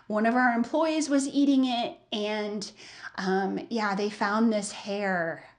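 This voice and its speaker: A woman's voice: medium pitch, takes it slowly, natural voice. A woman voicing a friendly female coffee shop customer who talks in a breezy, reassuring way. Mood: apologetic.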